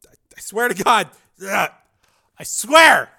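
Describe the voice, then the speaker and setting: A man's voice: high-pitched, very animated, slow pace, vocal fry, pushed and bright, pitched above the performer's own voice, heavily acted. A man reading a crime novel aloud, voicing a wounded thug who gasps, groans and stammers. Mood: agonized.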